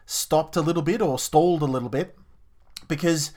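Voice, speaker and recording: An Australian man with a slightly raised pitch, co-hosting a sports podcast in casual chat. His talk rambles and doubles back, with words said twice as he works out his point. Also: moderate pace, darkish tone. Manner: chatty, rambling, repeats words. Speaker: podcast co-host.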